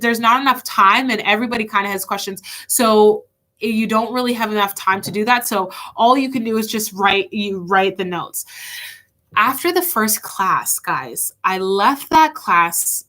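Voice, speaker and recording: A woman's voice: mid-range voice, bright, forceful tone. A young woman speaking in an online kids' church talk, telling a personal story in an earnest, chatty way and often addressing the children as guys.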